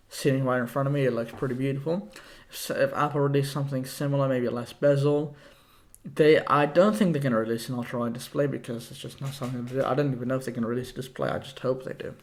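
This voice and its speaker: A young man hosting a solo tech podcast, talking casually and rambling with lots of fillers, a little out of breath. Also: medium pitch. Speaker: podcast host.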